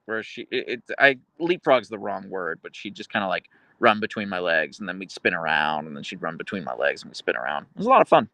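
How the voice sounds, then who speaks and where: Guy chatting on his live stream, low but really lively voice, rambly with lots of ums, dry close mic. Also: quick pace, gravelly, hardly any pauses, no room sound. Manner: baby-talks his dogs at times. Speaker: livestream host reading chat. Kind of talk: casual live chat.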